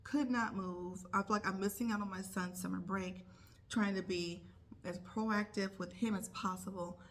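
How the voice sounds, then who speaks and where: A woman's voice: mid-range voice, fairly even intonation, moderate pace, fairly bright tone. A woman who is a nurse, telling a casual vlog story and acting out her own thoughts in quotes. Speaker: nurse vlogger.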